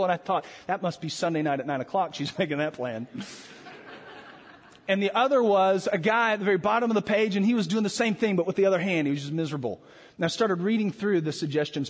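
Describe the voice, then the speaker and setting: A man preaching a sermon as pastor, animated and rhetorical, with dramatic pauses. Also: high voice. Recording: long hall reverb.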